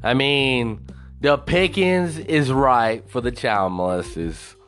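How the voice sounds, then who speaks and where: A man's voice: medium pitch, takes it slowly, a bit bright, soft background music. A man hosting a podcast alone, rambling and swearing a lot, laughing at his own jokes. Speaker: podcast host. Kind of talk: casual solo podcast rant.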